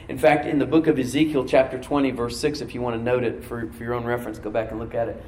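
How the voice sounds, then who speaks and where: A man's voice: medium pitch, fairly even intonation, darkish tone, recorded from a distance, a little hiss or hum. Emphatic male pastor preaching in an echoey hall. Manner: emphatic preaching, slows down to stress key words. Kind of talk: sermon. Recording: echoey room, from off mic.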